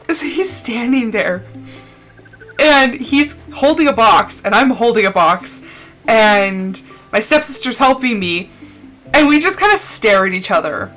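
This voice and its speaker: A woman's voice: on the high side, fairly bright tone, rough recording. A young woman streamer tells a personal story on a live stream, talking casually and crying as she goes. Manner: emotional, tearful storytelling. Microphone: desk mic, no camera.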